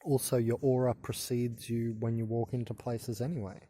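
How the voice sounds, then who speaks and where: A man in his thirties delivers a casual, hesitant monologue on his own channel, stumbling and restarting as he rambles on. His medium-pitched voice stays mellow and fairly flat in pitch at a moderate pace, over slight background noise.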